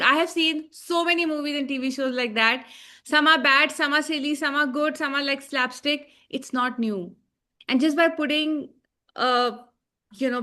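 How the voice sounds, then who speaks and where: A woman's voice: high-pitched, pushed and bright. A woman co-hosting a casual review chat, ranting emphatically with sarcasm and plenty of swearing. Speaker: co-host.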